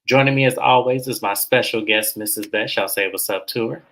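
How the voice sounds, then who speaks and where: A man hosting a casual reality TV recap, animated and chatty, slipping into high voices when quoting the cast. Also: a little fast, low-quality recording. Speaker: host.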